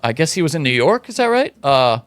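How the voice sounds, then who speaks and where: A man's voice: on the high side, very animated, fairly quick, a bit bright, clear, resonant tone, no room sound. A man co-hosting a podcast in casual chat, wry and dismissive. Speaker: podcast co-host.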